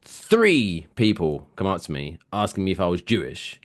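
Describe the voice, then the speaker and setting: An animated man telling stories on a podcast. His pitch swings widely and he breaks into loud, excited bursts. His voice sits on the low side. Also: moderate pace. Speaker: podcast co-host. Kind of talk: casual chat.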